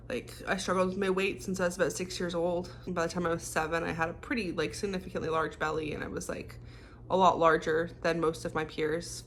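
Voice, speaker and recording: A woman's voice: lowish voice, flat delivery, a little fast, a little hiss or hum. A young woman talking casually in a home vlog, rambling with lots of "like" and restarts. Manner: rambling, many fillers and restarts. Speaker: vlogger. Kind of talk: casual confessional vlog talk. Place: home kitchen.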